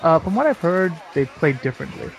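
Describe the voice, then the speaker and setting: A man's voice: a little high, big pitch swings, fairly quick, creaky, crowd noise, rough recording. A man co-hosting a casual chat, laid-back and laughing easily. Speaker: co-host. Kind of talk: casual chat over match footage.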